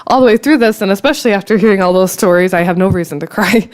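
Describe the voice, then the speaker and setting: Tearful mother, halting story. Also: mid-range voice, darkish tone. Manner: halting, many fillers and restarts, self-deprecating. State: emotional, near tears. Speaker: parent panelist. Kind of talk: personal story at a conference panel.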